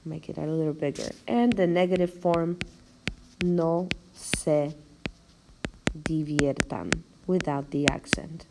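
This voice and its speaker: A woman's voice: low-pitched, fairly even intonation, gravelly, noisy background. A woman teacher giving a recorded video lecture, explaining step by step and counting out syllables with care. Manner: slow, careful explanation, spelling out syllables. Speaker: language teacher.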